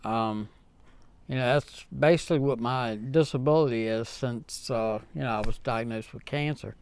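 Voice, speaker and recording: A man hosting his own vlog, talking earnestly and heartfelt to viewers in a halting way, with many fillers and restarts. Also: mid-range voice, a little mellow, clean tone. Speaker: channel host. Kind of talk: casual vlog talk to viewers.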